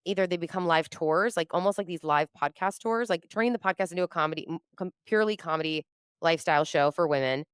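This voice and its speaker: Smooth, low-pitched woman telling stories. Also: fast, no echo, clean studio sound. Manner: animated, acts out her own quotes, laughs often. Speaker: podcast guest, comedian and entrepreneur. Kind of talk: casual storytelling chat.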